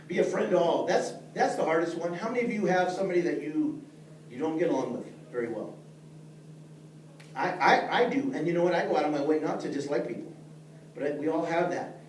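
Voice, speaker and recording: This middle-aged man's voice is on the high side and a little mellow, brisk and animated but broken by frequent pauses. Teaching a leadership class, he's earnest and plain-spoken and talks right to his audience. Expect an echoey space, a distant mic, and faint noise.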